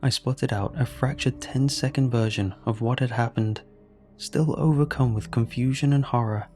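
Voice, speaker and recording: A man reading a horror story aloud in a measured, grave scripted narration. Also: fairly low pitch, a little mellow. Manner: slow, measured, grave delivery. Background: faint background music.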